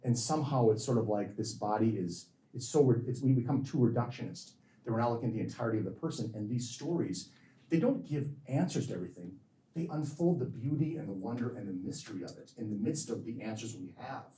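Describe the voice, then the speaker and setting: A man's voice: medium pitch, expressive, fast, warm tone, recorded from a distance. Rambling man answering questions in an echoey hall. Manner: rambling, self-interrupting, repeats words. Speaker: physician giving a lecture. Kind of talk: lecture Q&A answer.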